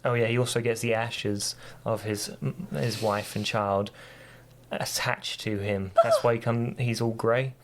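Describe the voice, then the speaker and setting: A man's voice: lowish voice, steady tone, measured pace, background noise. A man on a podcast casually retelling a story, rambling with lots of fillers and restarts. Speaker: podcast co-host.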